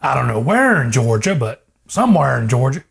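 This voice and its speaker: His voice is medium-pitched and sing-song, fairly quick, creaky and husky. The young man is hosting a casual cooking vlog from his kitchen, rambling, joking and swearing into a lavalier mic while the fridge hums nearby.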